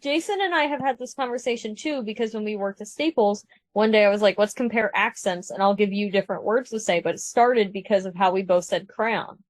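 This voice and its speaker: This is a woman with a Southern American accent, chatting as a podcast guest. She is relaxed and matter-of-fact, with a mid-range voice that sounds dry and close to the mic. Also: medium pitch, brisk, dry recording. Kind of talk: casual chat.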